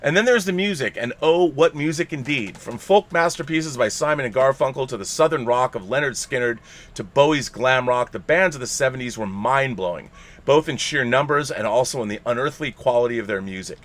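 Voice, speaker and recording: A male podcast host reads a listener's letter aloud in a playful, theatrical manner, laughing now and then. His voice sits at an ordinary middle pitch. It is the relaxed reading of a live-streamed show. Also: a little fast.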